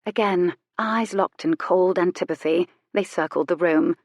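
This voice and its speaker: A woman narrating a romance audiobook in a measured storytelling voice, sharpening into crisp retorts for the heroine. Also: on the low side, dry recording, studio quality. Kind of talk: scripted narration.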